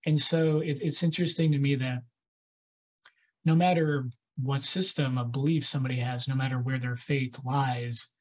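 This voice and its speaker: A man's voice: mid-range voice, steady tone, normal speed, a little mellow, dull audio. A man hosting a podcast in casual conversation, rambling along with many fillers and restarts. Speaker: podcast host.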